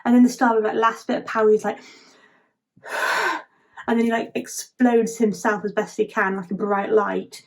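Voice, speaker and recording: A woman's voice: mid-range voice, level tone, fairly quick, gravelly, few pauses. A woman vlogger chatting casually as she retells a film plot, giggling and leaning on the filler "like".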